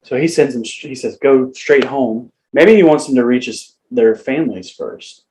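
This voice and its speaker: A man's voice: medium pitch, moderate pace, darkish tone, poor audio. A man reading a Bible passage aloud in a casual chat, breaking in with playful asides. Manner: reads scripture aloud, breaks in with jokes.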